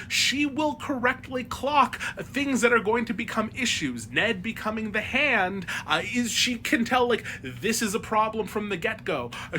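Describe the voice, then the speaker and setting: A man giving casual ranking commentary on book characters, talking quickly and excitedly and swearing a lot. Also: high voice, a little hiss or hum. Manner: fast, excitable, heavily profane.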